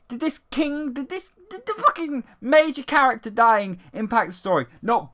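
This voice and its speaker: Man, game reviewer, sarcastic and swearing, bright lively voice. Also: high-pitched. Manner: sarcastic, profane, mocking.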